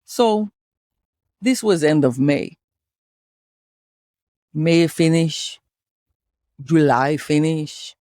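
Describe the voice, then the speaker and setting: A woman putting on a heavy Russian accent to tell a story in a deadpan, fatalistic way, dropping her articles. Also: sits low, drawn-out words, long pauses, no echo, clean studio sound, full character voice. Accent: put-on Russian.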